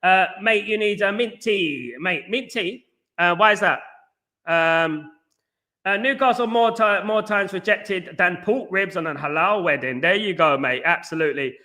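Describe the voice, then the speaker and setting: Male stream host, high and bright, rapid animated banter reading chat. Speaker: fan channel host reading live chat. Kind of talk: fast casual live-stream chat.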